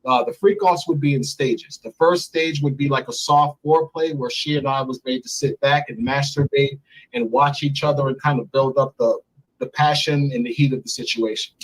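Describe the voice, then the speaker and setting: A man in his thirties, recounting a story candidly and profanely in an interview, getting animated as he goes. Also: rough recording. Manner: animated, profane, climbs high when excited. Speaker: interview guest. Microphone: remote stream mic.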